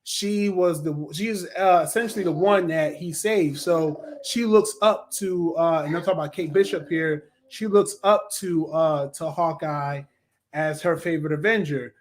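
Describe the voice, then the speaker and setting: Guy with a highish voice chatting loosely on a review podcast, lots of ums and restarts, laid-back. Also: moderate pace. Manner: rambling, full of fillers and self-corrections; laid-back, addresses listeners as "y'all". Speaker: podcast co-host reviewing a TV series. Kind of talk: casual review chat.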